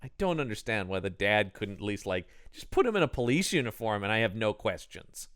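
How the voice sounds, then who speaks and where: A man co-hosting a podcast in casual chat about a movie, animated and jumping into put-on voices when quoting. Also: lowish voice, a little fast, clear, resonant tone, no room sound, studio quality. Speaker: podcast co-host.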